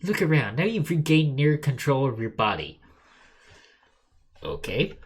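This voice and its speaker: A man's voice: on the high side, very animated, a little slow, breathy edge. A man streaming a game, commenting sarcastically, swearing and reading the on-screen text aloud. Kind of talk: gameplay commentary.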